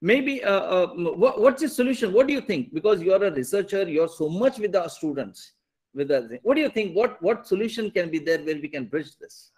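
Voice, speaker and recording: A man's voice: sits high, animated, brisk, a little mellow. A man with an Indian English accent, interviewing eagerly, agreeing often and searching for words. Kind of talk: interview conversation.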